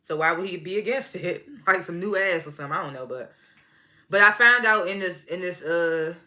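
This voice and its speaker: Bright-voiced man doing a slangy recap. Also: high voice, brisk. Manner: slangy, profane, laughs often while recounting scenes. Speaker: TV episode reviewer. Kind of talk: casual episode recap review.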